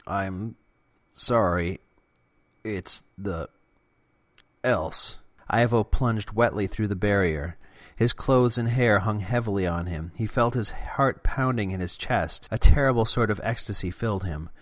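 A man with a low voice narrates a serial story at a steady, deliberate pace. The recording is close and dry, with no room sound. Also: dry recording.

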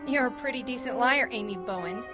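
A woman's voice: fairly high pitch, brisk, loud music behind the voice, natural voice. A woman voicing a sneering young woman guard. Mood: sarcastic. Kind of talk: audiobook character voice.

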